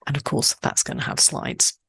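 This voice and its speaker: A woman from Switzerland hosting a poetry podcast, speaking in a measured, deliberate way with lifts on key words. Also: fairly bright tone, dry recording. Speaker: podcast host. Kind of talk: scripted podcast narration.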